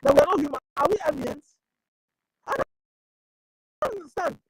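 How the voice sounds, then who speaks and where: A woman's voice: sits high, animated, normal speed, dry recording, poor audio. A woman with a Nigerian accent giving impassioned commentary as an activist, pleading and firing off rhetorical questions, at times switching into prayer.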